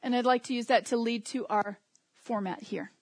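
A woman's voice: a little high, fairly even intonation, moderate pace, no room sound. A woman preaching a sermon in a conversational way, with humor and asides.

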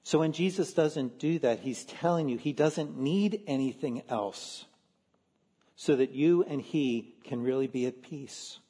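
A man, a pastor from Philadelphia, preaching a sermon in an earnest, measured way with slow emphatic stresses. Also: medium pitch, mellow, slightly rough, long reverb tail.

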